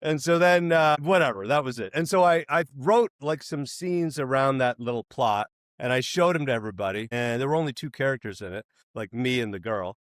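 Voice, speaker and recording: A man telling a long comic story in a casual interview, animated and acting out the people he quotes, with some swearing. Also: mid-range voice, a little fast, few pauses, dry recording, clean studio sound. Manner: animated, acts out quoted voices, swears freely. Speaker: filmmaker telling stories.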